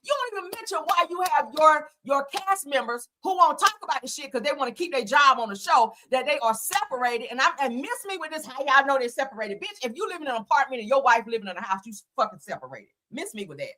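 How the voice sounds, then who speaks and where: A woman's voice: high-pitched, lively intonation, quick pace, few pauses, pushed and bright, a little hiss or hum. Fired-up, profane woman gossip host. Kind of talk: casual gossip commentary.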